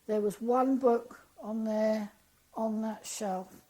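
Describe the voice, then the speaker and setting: Bright-toned woman telling her story. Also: a little high, slow, low-quality recording. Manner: animated, acts out quoted dialogue. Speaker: interview guest. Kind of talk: conversational storytelling interview.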